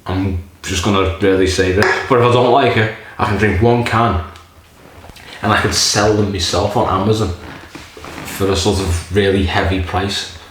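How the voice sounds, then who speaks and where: A man's voice: on the low side, fairly even intonation, normal speed, slight background noise. A man casually reviewing a beer in a rambling, jokey way, swearing often. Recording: very echoey room.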